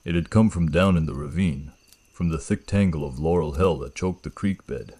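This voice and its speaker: Warm and bass-toned, with a touch of gravel in his throat, a man narrates his own horror story slowly and ominously, weighing each word.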